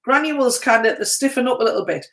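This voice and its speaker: A woman's voice: fairly high pitch, lively intonation, fast, fairly bright tone. A middle-aged woman co-hosting a live stream, chatting casually and telling stories, often breaking into laughter. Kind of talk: casual chat.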